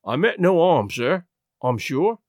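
A man's voice: a little high, sing-song, a little slow, a little mellow, no echo, clean studio sound, full character voice. A man reading a story aloud and voicing a big, penitent police constable who rambles apologetically. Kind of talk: audiobook reading.

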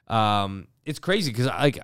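Podcast co-host, male, smooth resonant voice, frank and lively, dry room. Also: mid-range voice, a little slow, dry recording. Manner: candid, animated storytelling with acted quotes. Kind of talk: casual chat.

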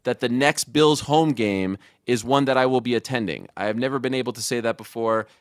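A man's voice: medium pitch, fairly quick, no room sound, studio quality. A man in his forties from Canada, a guest on a talk show, speaking with emotional, gushing energy and tumbling restarts. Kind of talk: excited phone-in chat.

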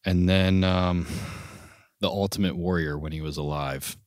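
A man co-hosting a podcast in casual chat, telling stories loudly with playful impressions. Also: sits low, unhurried, smooth, no room sound, studio quality. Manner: animated, loud storytelling with playful impressions. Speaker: podcast co-host.

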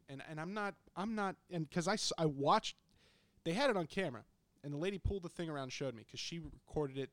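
A man's voice: a little high, no room sound. Profane young man telling a story. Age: young adult. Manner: profane, animated, blunt. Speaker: podcast co-host telling a story. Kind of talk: casual storytelling chat. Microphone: close studio microphone.

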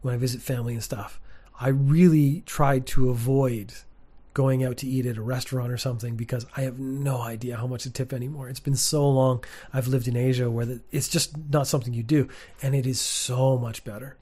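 A man's voice: mid-range voice, steady tone, a little fast, mellow, husky. Opinionated man, casual talk. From Canada. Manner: opinionated, candid, with frequent "like" and "uh" fillers. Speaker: teacher and vlogger. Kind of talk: casual monologue to camera. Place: sparse room at home.

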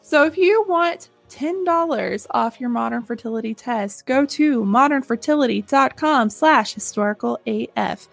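A woman's voice: fairly high pitch, expressive, normal speed, gravelly, hardly any pauses, dry recording. Upbeat chatty woman podcast host. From Southern United States. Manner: chatty, upbeat, laughs often. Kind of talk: casual chat and read ad.

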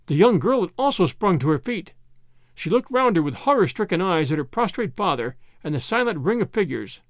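A man's voice: high-pitched, very animated, brisk, no echo, clean studio sound. A man reading a story aloud, giving each character a voice of his own. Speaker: audiobook narrator. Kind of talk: scripted narration.

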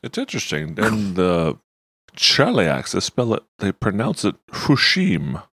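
A man's voice: low voice, huge pitch swings, a little slow, fairly bright tone, husky. A man playing a tabletop game, making wry, playful remarks in character. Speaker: player.

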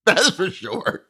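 A man co-hosting a podcast, telling a story in casual chat and acting out other people's lines. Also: bright, forceful tone. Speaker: podcast co-host.

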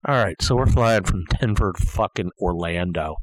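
An older man telling a comedic story as a profane, exasperated rant, dropping to low mutters and jumping to yelled outbursts. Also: normal speed, dry recording, rough recording.

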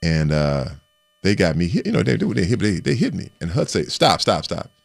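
A man, a former running back and co-host on a sports radio talk show, telling animated stories and acting out quotes loudly. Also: low-pitched, brisk, creaky.

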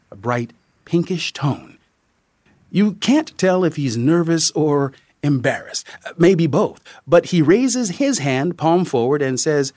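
A male narrator reads a story in the second person with a measured, unhurried pace and an expressive, rising-and-falling voice. His tone is slightly husky and sits a little high, recorded dry and close. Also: dry recording.

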